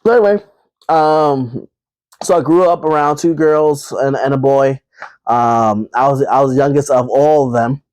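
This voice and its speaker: A man talks through a solo podcast episode in a loose, chatty way, circling back with fillers and repeats and calling his listeners y'all. His voice sits at an ordinary middle pitch. The sound is dry and close, with no room echo. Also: moderate pace, darkish tone, clean tone. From Brooklyn, New York. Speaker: podcast host. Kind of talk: casual solo podcast monologue.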